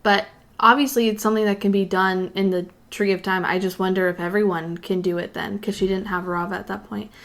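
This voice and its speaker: A woman co-hosts a podcast, chatting casually at an ordinary middle pitch. She rambles through her thoughts with plenty of "like" and "you know". Her voice sits in an everyday register. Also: fairly even intonation, brisk, few pauses, a bit bright. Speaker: podcast co-host. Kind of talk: casual chat.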